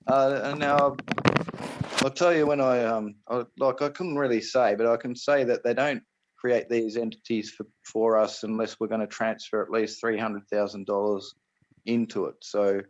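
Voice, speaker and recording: Here an Australian guest explains private trusts during a rambling, casual call, often backing up to restart and using "right?" and "mate" along the way. He speaks at normal speed in a steady, medium-pitched voice. The audio is dull with a slight hiss or hum.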